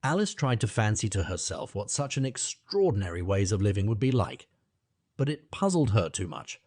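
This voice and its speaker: A man with a fairly low voice narrates a classic children's audiobook from a script, telling the story in a measured, expressive way. The studio-quality recording has no echo.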